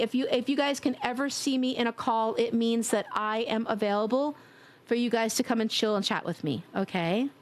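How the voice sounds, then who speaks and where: A woman streamer chatting casually and affectionately as she signs off her stream, a bit congested. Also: on the high side. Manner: warm, affectionate, blowing kisses. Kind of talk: casual stream sign-off chat.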